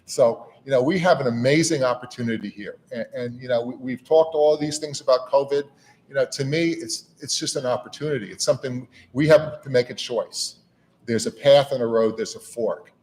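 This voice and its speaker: A middle-aged man speaks to a gathered audience in a relaxed, conversational way. His delivery is folksy, with repeated words and a steady stream of "you know"s. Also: medium pitch. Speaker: national auxiliary leader giving a speech. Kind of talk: informal speech to a gathering. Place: meeting room with an audience.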